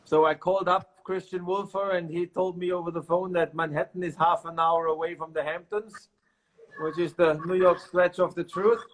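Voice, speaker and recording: German-accented winemaker on a call. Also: male voice, high voice, little pitch movement, normal speed, slight background noise, poor audio. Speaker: winemaker guest. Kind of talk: video-call interview. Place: wine cellar. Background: barrels rolling.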